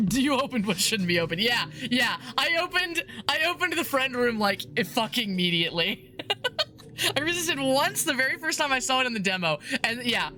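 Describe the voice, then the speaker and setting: A woman's voice: on the high side, big pitch swings, moderate pace, pushed and bright, a little hiss or hum. A woman streaming a game, reading its eerie text aloud and chatting casually, laughing often and swearing now and then.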